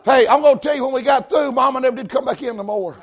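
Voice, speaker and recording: A high-voiced preacher from Georgia with a broad Southern US accent works through a homespun sermon. He talks in a folksy, emphatic way and keeps climbing into shouted points. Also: quick pace, dull audio. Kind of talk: storytelling sermon.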